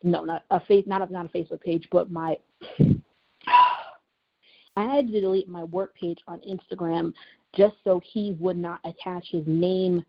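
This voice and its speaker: A woman's voice: on the low side, steady tone, moderate pace, pauses often. Lady podcaster telling her own hard story, emotional, repeats herself a lot, muffled audio. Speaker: podcast host and writer. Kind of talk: personal storytelling monologue. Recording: dull lo-fi recording.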